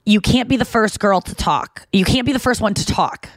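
A woman's voice: mid-range voice, normal speed, no echo. A young woman co-hosting a chatty podcast, her mid-range voice recorded dry and close. She tells frank, crude stories and slips into the voices of the people in them. Her delivery is candid and unfiltered. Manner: candid, crude storytelling with acted-out quotes. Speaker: podcast co-host. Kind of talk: casual chat.

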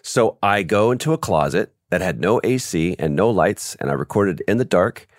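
A man being interviewed as a voice actor, telling stories in a casual, animated way and acting out quoted lines over a video call. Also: deep voice, moderate pace, no echo, clean studio sound. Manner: animated storyteller, acts out quotes. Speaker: guest, voice actor. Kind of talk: casual podcast interview storytelling.

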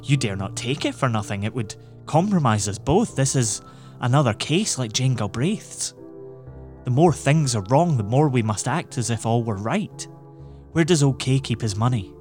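A man reading an audiobook, voicing a cool, cynical man who lectures calmly and persuasively. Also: mid-range voice, moderate pace, faint music behind, lightly acted. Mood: coaxing. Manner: calm, smooth, lecturing.

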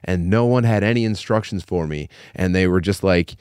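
A man's voice: sits low, brisk, hardly any pauses, a little mellow, smooth, no echo, clean studio sound. A man on a podcast telling a rambling, self-deprecating comic story in casual, crude chat, laughing often. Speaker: podcast co-host.

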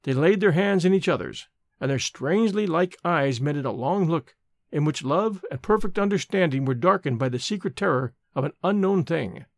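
A man's voice: a little high, lively intonation, moderate pace, no room sound, clean studio sound. A man narrating a gothic ghost story aloud, reading expressively and dramatically.

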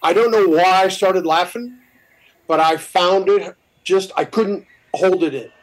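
A man's voice: high voice, unhurried, low-quality recording. A man journalist reflecting on a field assignment in an interview, searching for his words.

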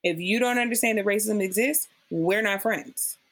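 A podcast guest with a medium-pitched voice and moderate pace, she talks emphatically in a conversational interview. She's an animated storyteller who voices the quotes of people she's dealt with.

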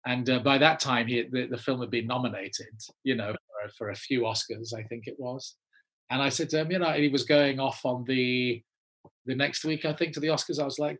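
An English man, an actor, telling a long anecdote and acting out the people he quotes in lively voices. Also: mid-range voice, moderate pace. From England. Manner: animated, acts out quoted people in changing voices. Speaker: actor, guest. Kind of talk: anecdotal storytelling.

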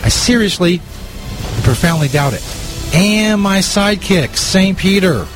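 Brash, lively comedy radio host man. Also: high-pitched, measured pace, over music, low-quality recording. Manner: mocking, brash, deadpan boasts.

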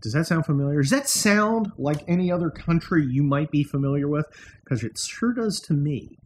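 A man's voice: fairly high pitch, animated, normal speed, slight background noise. A middle-aged man hosting a podcast from a room in his house, talking in a wry, sarcastic monologue with mocking asides. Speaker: podcast host. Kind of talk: casual political monologue.

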